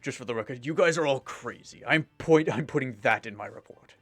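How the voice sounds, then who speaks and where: A man voicing a gruff, impatient police detective who speaks in an exasperated, commanding way, over faint game music. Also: medium pitch, a little fast, a bit bright.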